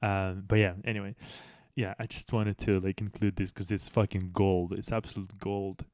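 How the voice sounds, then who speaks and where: A low-voiced profane man commentating. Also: flat delivery, normal speed, darkish tone, clean tone, no room sound, clean studio sound. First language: not English. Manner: blunt, swears heavily, trails off and restarts. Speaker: commentary channel host. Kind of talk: casual profane news commentary.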